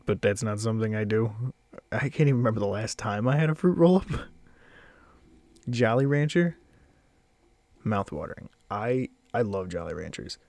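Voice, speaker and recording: A man's voice: mid-range voice, a little mellow, dry recording. A young man rating snacks in a casual solo video, rambling and self-deprecating, with blunt verdicts and a slightly out-of-breath delivery. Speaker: snack reviewer.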